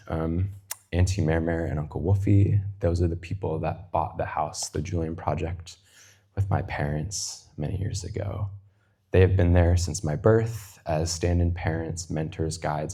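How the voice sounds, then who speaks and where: A man in his twenties giving an unhurried, poetic reflection, lingering over long lists and sometimes dropping to a near-whisper. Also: low-pitched, dark tone. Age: 20s. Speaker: guest speaker. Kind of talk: reflective personal reading.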